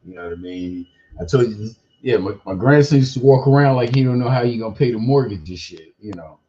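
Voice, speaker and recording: An older grandfather hosts a casual livestream, rambling in loose street slang peppered with profanity and "you know what I mean." His voice sits in an ordinary middle pitch. The audio is a little dull and lo-fi, like a home setup. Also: lively intonation, fast talker, mellow. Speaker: podcast host.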